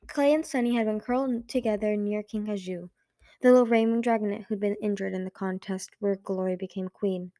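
A woman's voice: medium pitch, fairly quick, warm tone, no echo, studio quality. A woman narrating a chapter in an amateur audiobook reading, often restarting and correcting herself. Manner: reads with frequent restarts and self-corrections.

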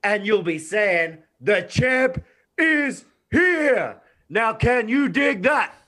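A man's voice: high-pitched, expressive, bright, forceful tone, pitched above the performer's own voice, exaggerated voice. A man doing a swaggering wrestler promo. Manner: swaggering trash talk, drawn-out delivery. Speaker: fantasy league commissioner. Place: bathroom, door shut. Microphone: video call.

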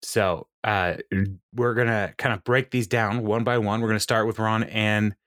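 Chatty man hosting a podcast, low voice. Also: fairly even intonation, normal speed, a bit bright, no room sound, clean studio sound. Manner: chatty and rambling, laughs often. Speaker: podcast co-host. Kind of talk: casual chat.

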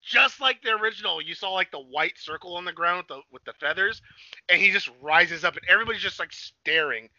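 A young man chatting on a podcast, excitable and swearing a lot, acting out scenes with sudden shouts. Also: high-pitched, a little fast, no echo, dull audio. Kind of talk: excited casual chat.

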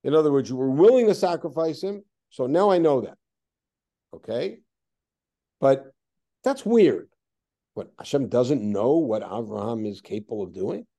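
A man leading a text study class, reading Hebrew verses aloud and then explaining them with lively, questioning remarks. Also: medium pitch, normal speed, long pauses. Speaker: teacher.

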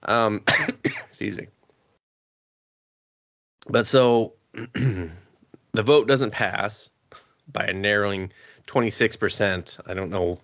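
A man's voice: on the low side, slow pace, pauses often, fairly bright tone, no echo. Rambling, swearing man with a cough. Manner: rambling and profane, chuckles often. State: sick with a cough. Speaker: podcast host. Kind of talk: casual chat recapping anime.

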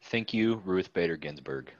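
A man's voice: sits low, expressive, normal speed, no room sound, dull audio. A man co-hosting a podcast, cutting in briefly to sum up the other speaker's point in casual chat. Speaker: podcast co-host.

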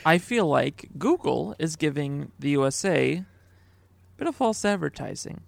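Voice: medium pitch, sing-song, normal speed, creaky, no echo. A podcast co-host in casual, rambling chat, full of "like" fillers. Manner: chatty, rambling, many "like" fillers.

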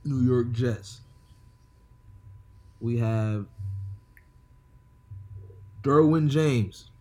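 A man's voice: mid-range voice, mellow. A man co-hosting a casual sports podcast, running the list and giving blunt, terse verdicts. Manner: blunt, terse, drawn-out delivery. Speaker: podcast co-host.

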